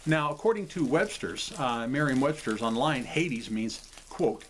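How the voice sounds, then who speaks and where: A man's voice: medium pitch, animated, measured pace, a little hiss or hum. A man hosting a video from his home, explaining things in a casual, rambling way, often apologizing and checking in with "okay?". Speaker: video host. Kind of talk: casual explanatory talk to camera.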